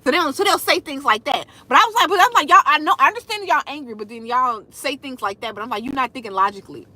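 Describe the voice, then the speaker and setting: A woman's voice: high-pitched, fast talker. A young woman, chatting casually with her viewers on a livestream as a food content creator. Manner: animated, talks straight to viewers, reads out comments.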